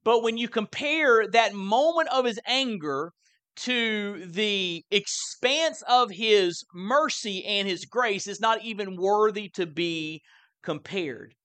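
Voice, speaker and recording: Male pastor, high bright voice, earnest sermon delivery that climbs on quoted verses. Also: animated, slow. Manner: earnest preaching, voice rising on quoted scripture. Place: church sanctuary.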